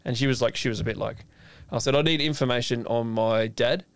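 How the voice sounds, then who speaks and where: A man, co-hosting a chef podcast, telling a story in a lively, casual way, acting out the voices of the people in it and swearing freely. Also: mid-range voice, fairly quick, gravelly, clean tone, no echo.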